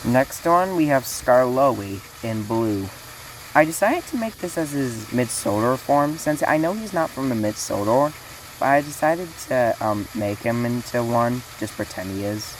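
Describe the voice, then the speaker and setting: Very low-voiced woman announcing a casting call. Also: animated, measured pace. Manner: rambling with many fillers and restarts. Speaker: fan series creator running a casting call. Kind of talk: casual spoken announcement. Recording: noisy hiss in the background.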